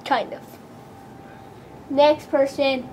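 A woman voicing a rude, careless male turtle-dragon king in a homemade plush-toy comedy skit, talking in a flat, offhand way. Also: high voice, drawn-out words, lo-fi sound, a little hiss or hum.

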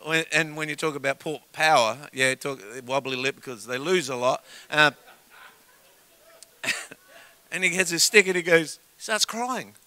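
An Australian man preaching a sermon in a church service, telling comic stories and swinging from quiet asides to shouts. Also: a little high, moderate pace, pauses often, clear, resonant tone, dry recording. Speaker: guest preacher.

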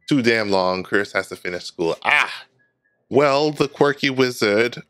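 A man's voice: medium pitch, expressive, a little slow, fairly bright tone, smooth, no echo. A man casually commentating a video game, reading the dialogue aloud with a playful, jokey manner. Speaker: gaming channel host. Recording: dry, with faint game music behind.

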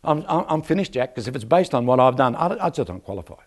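This preacher talks fast, his medium-pitched voice swinging widely in pitch. Standing in a church, he tells stories, asks rhetorical questions, and calls for amens from the crowd.

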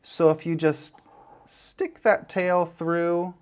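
A man's voice: fairly high pitch, steady tone, slow pace, a little mellow, smooth. Chatty man teaching a knitting technique. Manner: chatty, playful, demonstrating as he goes. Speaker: knitting instructor. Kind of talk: step-by-step craft tutorial.

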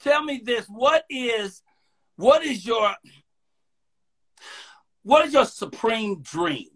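A male talk show host with a very high, bright voice, playful and quick to laugh. He acts out other people's words as he tells stories. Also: animated. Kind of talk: casual interview chat.

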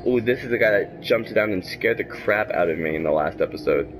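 A young man commentating his gameplay, exasperated and talking back to the game, swinging from mutters to shouts. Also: fairly low pitch, a little fast, over music. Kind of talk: let's play commentary.

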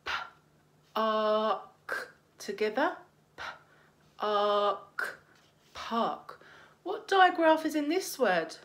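Slow, encouraging woman teaching phonics. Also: a little high, animated, a bit bright. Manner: slow, encouraging, sounds out letters. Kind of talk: phonics lesson for young children.

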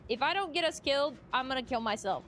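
High, lively woman streamer. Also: fast, a little hiss or hum. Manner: dramatic, swears freely, playful self-pity. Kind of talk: live gaming stream commentary.

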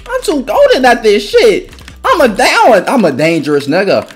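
A young man giving loud, trash-talking gaming commentary, jumping between high yells and low mutters. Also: wildly swooping pitch, moderate pace, soft background music. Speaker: gaming YouTuber.

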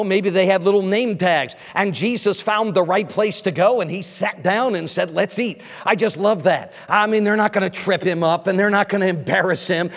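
A male evangelist preaching a sermon, swinging from loud emphasis to hushed lines. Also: high-pitched. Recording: echoey church hall.

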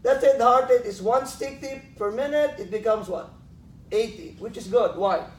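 A man with a very high voice teaches at an ordinary pace, quizzing students and joking throughout. He chuckles at his own humor in an echoey lecture room where faint noise lingers.

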